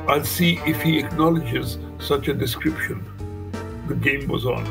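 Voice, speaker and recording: A man in his seventies, from India, reading from his own memoir in a measured, wry storytelling manner, with music playing underneath. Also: a little high, gravelly. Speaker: author.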